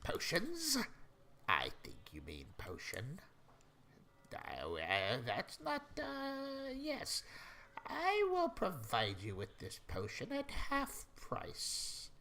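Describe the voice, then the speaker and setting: A man voicing an excitable, shrewd old woman who sells potions, in a high, cackling put-on voice. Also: takes it slowly, creaky, long pauses, heavily acted. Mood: haggling.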